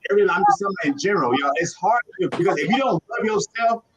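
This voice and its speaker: A man in his forties from Chicago hosts a casual live chat. His voice sits notably high for a man, and he talks in an animated, preachy way, handing out advice to his guests. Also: fast, noisy background. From Chicago, USA. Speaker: host.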